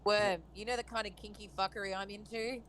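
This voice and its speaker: A woman's voice: medium pitch, steady tone, fairly quick, fairly bright tone, a little hiss or hum. A woman co-hosting a podcast, blunt and profane in casual chat. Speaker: podcast co-host.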